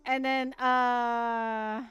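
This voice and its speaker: A woman streamer chatting casually with viewers, rambling and restarting her sentences, and softening into baby talk with her pet. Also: on the high side, level tone, very slow, clean tone, no echo, highs cut off.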